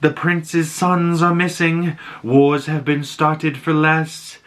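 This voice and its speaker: Odd teasing young girl, slow, drawn-out, raised voice, as a man puts her on. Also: on the high side, level tone, fairly bright tone, pitched above the performer's own voice. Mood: eerie. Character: strange young noble girl, eerie and teasing.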